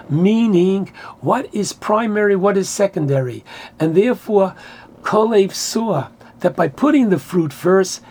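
Rabbi type, man, high-pitched, unhurried; earnest sermon delivery with Hebrew quotes. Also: a little mellow. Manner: earnest, explanatory, quotes Hebrew verses then translates. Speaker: rabbi teaching Torah. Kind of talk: Torah class sermon.

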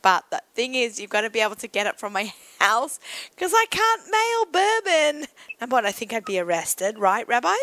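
A woman's voice: a little high, very animated, normal speed, fairly bright tone, dry recording. A woman hosting an interview, chatting casually and enthusiastically with her guest. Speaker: podcast host.

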